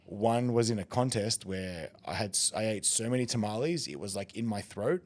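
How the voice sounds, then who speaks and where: A man with an Australian accent, a podcast guest telling a story in casual chat, lively and quick to laugh. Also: fairly low pitch. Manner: animated, laughing, acts out quoted voices. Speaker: podcast guest, competitive eater.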